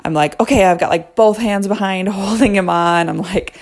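A woman's voice: medium pitch, normal speed. A woman in her thirties telling a self-deprecating story in a chatty way, full of "um" and "like". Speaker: guest storyteller. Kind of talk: casual storytelling.

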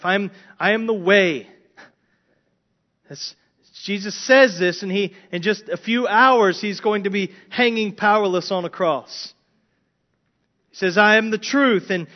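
A pastor preaching a sermon in an earnest way, often repeating words as he builds his points. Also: sits high. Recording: dull lo-fi sermon recording.

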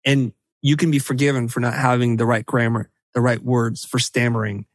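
A middle-aged man talking as a podcast guest in an animated, emphatic way, often breaking into quick quoted asides. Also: mid-range voice, no room sound. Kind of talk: animated conversational podcast talk.

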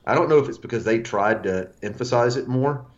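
A man's voice: medium pitch, a little fast, highs cut off. A man co-hosting a casual music podcast, rambling with restarts as he recommends a band. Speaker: podcast co-host.

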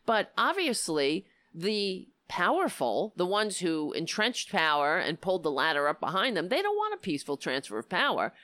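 A woman hosting a political talk show, giving impassioned, indignant commentary with a hoarse voice. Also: lowish voice, wildly swooping pitch, moderate pace, hardly any pauses, no room sound. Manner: impassioned, indignant, rising to near-shouting.

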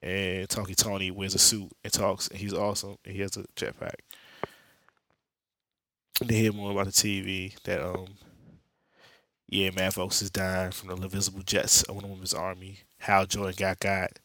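A man's voice: sits low, completely flat delivery, moderate pace, sharp tone. A young man hosting a podcast, recapping a comic book story in streetwise slang with jokes and lots of profanity. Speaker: podcast host.

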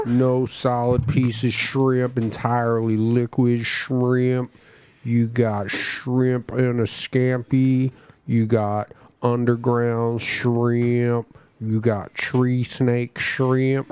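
A man hosting a comedy podcast, riffing in long deadpan lists and bantering with guests. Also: mid-range voice. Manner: deadpan rambling list riffs. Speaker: podcast host. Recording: loud music under the voice.

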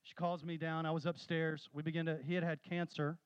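A man preaching a sermon, telling stories with animated, rising emphasis. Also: on the high side, fairly quick, smooth, dry recording, highs cut off. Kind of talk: sermon with storytelling.

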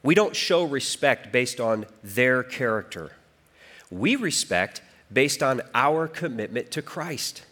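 Animated male preacher giving a sermon. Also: mid-range voice, slow. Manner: animated storytelling, voice rising and falling for emphasis. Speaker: pastor.

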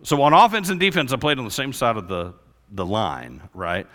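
Pastor, male, animated storytelling sermon, bright forceful tone, long church reverb. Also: medium pitch, moderate pace. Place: church hall.

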